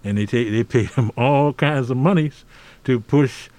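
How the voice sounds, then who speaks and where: A man's voice: medium pitch, measured pace, a little mellow, no room sound. Emphatic older man, preacherly cadence. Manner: emphatic, preacherly, frequent "see?" asides. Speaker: podcast guest. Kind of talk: conversational interview.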